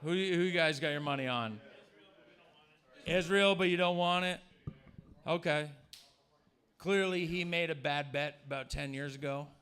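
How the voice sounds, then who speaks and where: A man's voice: fairly high pitch, a little slow, pauses often, a bit bright, clear, resonant tone. A man doing a crude, provocative stand-up set in a comedy club. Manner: crude, provocative, jumps into mocking voices.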